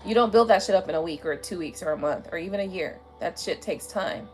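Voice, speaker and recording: A woman's voice: lowish voice, fast, soft background music. A woman hosting a tarot live stream, talking casually and bluntly with lots of profanity, a little drunk, lying down at home and speaking into her tablet's mic. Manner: blunt, profane, chatty, laughs often. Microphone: tablet camera mic.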